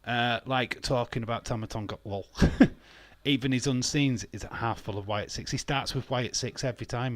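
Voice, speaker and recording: A man's voice: mid-range voice, normal speed, no room sound. A man hosting a wrestling watch-along stream, ranting bluntly in casual talk, swearing freely and laughing often.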